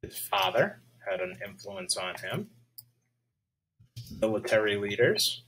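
A male teacher giving a lesson video, speaking slowly and checking in with his students. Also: fairly low pitch, sing-song, a bit bright, low-quality recording. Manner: slow, checks in with "all right?".

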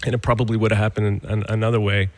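A man with a fairly low voice tells stories from his career as a podcast guest, animated and quick to act out the dialogue. His voice carries a long reverb tail, as if the room is large and hard. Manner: animated, acts out quoted dialogue. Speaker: guest songwriter and producer. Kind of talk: casual storytelling interview.

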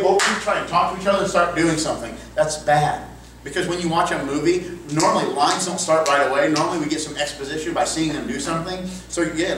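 A man teaching an improv workshop in an upbeat, chatty way, sprinkling in quick asides. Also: a little high, a bit bright, a little hiss or hum. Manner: upbeat, quick asides, frequent "cool" and "okay". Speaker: improv coach. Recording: echoey room, far from mic.

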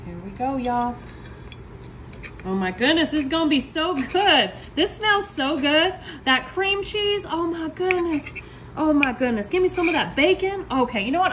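A woman's voice: high-pitched, expressive, moderate pace, a bit bright, a little hiss or hum. A woman hosting a casual home cooking demo, chatty and upbeat, calling her viewers y'all. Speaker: home cook host.

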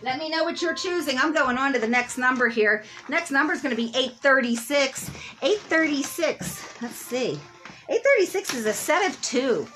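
A middle-aged woman runs a live selling stream, her voice a touch high. She rambles on and laughs at her own jokes. Faint music plays behind her. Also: animated, normal speed, a bit bright, poor audio. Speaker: live sale host.

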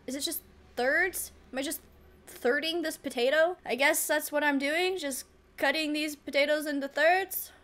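A woman's voice: high-pitched, normal speed, fairly bright tone, slight background noise. A woman giving casual gameplay commentary, flustered and self-mocking, laughing often. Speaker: let's play gamer.

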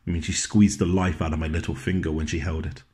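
A man with a very deep voice delivers a scripted dramatic monologue. He tells it in a gentle, wry way, dropping into low, soft passages. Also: level tone, fast. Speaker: actor performing a monologue.

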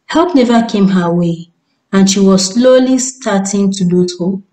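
A woman storyteller giving a measured, descriptive scripted narration. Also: mid-range voice, mellow, poor audio.

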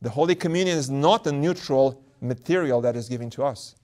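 A man's voice: mid-range voice, brisk, a little mellow. A man, an Orthodox priest, delivering a sermon and often repeating words as he works through a thought.

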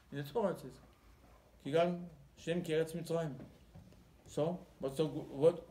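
Telling the story with animation, this rabbi acts out the dialogue of his Torah sermon and repeats words as he gropes for phrasing. He has a mid-range, darkish voice, captured with roomy echo and faint ambience behind it.

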